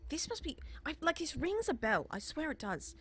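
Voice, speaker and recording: A woman's voice: high voice, sing-song, moderate pace, fairly bright tone, pitched above the performer's own voice, full character voice. A woman voicing a scatterbrained, distracted elf scholar woman who talks in flustered bursts. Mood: musing.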